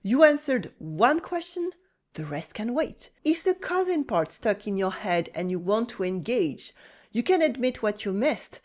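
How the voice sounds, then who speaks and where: A woman with a French accent teaching French, narrating a calm, encouraging scripted lesson. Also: on the high side, unhurried. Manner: calm, encouraging, acts out short French dialogue lines.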